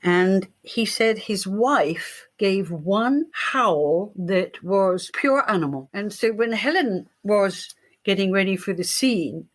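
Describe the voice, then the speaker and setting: An older woman, a writer giving a guest interview, telling animated stories and acting out the voices of people she quotes. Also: mid-range voice, slow. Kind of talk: storytelling in an interview.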